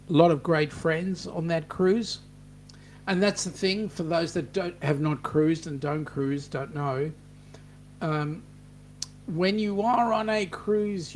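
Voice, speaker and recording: Australian man, middle-aged, livestream host, rambling casual chat, somewhat high voice, faint hum behind. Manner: rambling and chatty, many ums and restarts. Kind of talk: casual live chat reading viewer comments.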